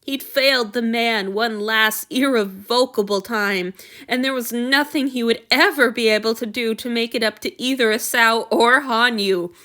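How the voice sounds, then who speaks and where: A woman reading a story aloud in an earnest, expressive way. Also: on the high side, normal speed. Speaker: reader. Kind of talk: reading fan fiction aloud.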